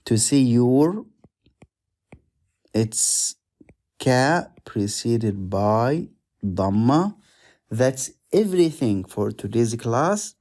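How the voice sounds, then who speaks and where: A male teacher walks learners through a beginner lesson, repeating each new word to drill it. He talks slowly and deliberately. His voice is mellow and dark, and his pitch sits in the middle. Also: big pitch swings. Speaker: Arabic teacher. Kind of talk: slow explanatory lesson.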